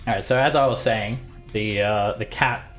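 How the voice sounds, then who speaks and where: A man narrating as dungeon master, halting with many fillers. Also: lowish voice, steady tone, soft background music. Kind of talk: narrating a tabletop game.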